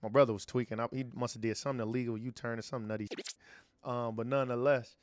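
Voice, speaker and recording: A man from Chicago co-hosting a podcast, telling stories in a relaxed, slangy way. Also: medium pitch, fast, no room sound. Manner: relaxed, slangy, acts out quotes. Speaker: podcast co-host. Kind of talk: casual storytelling.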